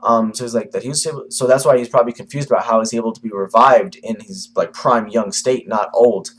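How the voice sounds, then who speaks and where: A man's voice: medium pitch, fairly even intonation, a little fast, a little hiss or hum. A man giving a casual manga review to camera, rambling with lots of fillers and the odd swear.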